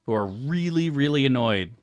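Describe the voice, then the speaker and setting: A man's voice: mid-range voice, animated, moderate pace, no echo, lo-fi sound. A man chatting casually on a live game stream, crude and profane, rambling through asides to his chat.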